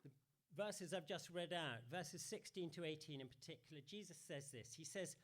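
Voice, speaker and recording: A man's voice: fairly high pitch, normal speed, fairly bright tone. A man giving an all-age church talk, playful and chatty, asking the congregation questions. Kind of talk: sermon.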